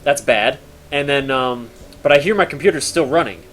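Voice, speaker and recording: A man's voice: medium pitch, moderate pace, a bit bright, slight background noise. A young man telling a story casually to his stream chat, with rambling fillers and mock-horror drama.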